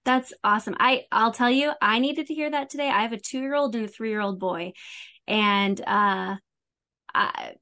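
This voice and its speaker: A young woman hosting a faith podcast, asking questions and affirming her guest with short, slightly halting replies. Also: a little high, pushed and bright. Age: young adult. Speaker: podcast host. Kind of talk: interview conversation.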